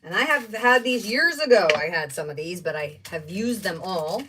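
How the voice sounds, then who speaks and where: Livestream craft host, a woman with an animated, gushing delivery, miked from a short distance. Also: on the low side, normal speed, noisy background. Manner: chatty, gushing, exclaims over each item. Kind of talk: casual livestream chat while unboxing craft supplies. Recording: voice somewhat distant from the mic.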